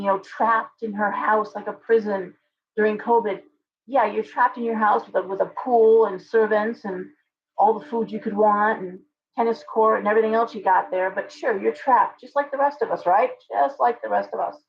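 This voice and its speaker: A woman hosts a live stream and talks straight to her chat, ranting with strong opinions. Her voice sits at an ordinary middle pitch. The audio is dull and lo-fi. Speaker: livestream host.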